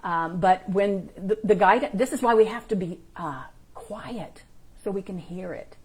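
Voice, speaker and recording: A woman's voice: mid-range voice, expressive, a little slow, darkish tone, slightly rough. A woman hosting a live-streamed spiritual teaching, talking informally and encouragingly, and greeting viewers in the chat by name.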